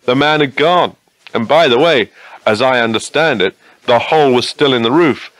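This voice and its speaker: Male preacher, mid-pitched, earnest and conversational, dry close sound. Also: moderate pace, a bit bright, no echo, rough recording. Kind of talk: sermon.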